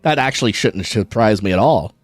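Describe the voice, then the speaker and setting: A man's voice: fairly low pitch, animated, fairly quick, soft background music. A man chatting casually and jokingly on a gaming livestream, swearing and talking to his viewers. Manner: chatty, jokey, swears and laughs easily. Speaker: streamer.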